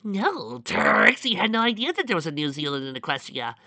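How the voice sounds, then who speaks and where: A reader voicing a boastful female magician pony, excitable and showy. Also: mid-range voice, brisk, dry recording, pitched above the performer's own voice. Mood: excited. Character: boastful magician mare speaking of herself in third person.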